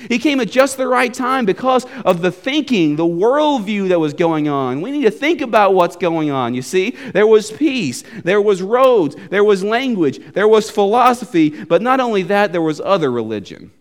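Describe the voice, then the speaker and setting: A man preaching a sermon, animated, and often repeating a short refrain. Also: high-pitched. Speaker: pastor.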